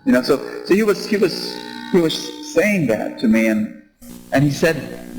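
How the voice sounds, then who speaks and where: A man preaching a sermon in a large church, animated and drawing the audience in with questions. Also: sits high, unhurried. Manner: animated, asks audience to respond. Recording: echoey hall with music behind.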